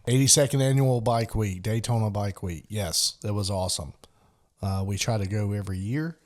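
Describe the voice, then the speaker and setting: A man's voice: fairly low pitch, moderate pace, a little mellow. A man co-hosting a podcast in casual chat, dropping dry wisecracking asides. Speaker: podcast co-host.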